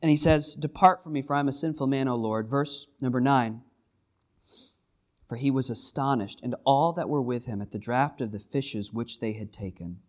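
A man preaching a sermon, reading scripture and then retelling it in casual, animated paraphrase. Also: mid-range voice, moderate pace. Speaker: pastor.

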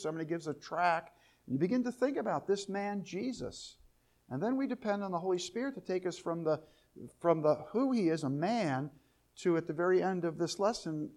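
Man, high voice, Bible teacher, reads verses aloud then explains, repeats questions for emphasis. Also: gravelly. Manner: repeats key questions, rising to louder emphasis.

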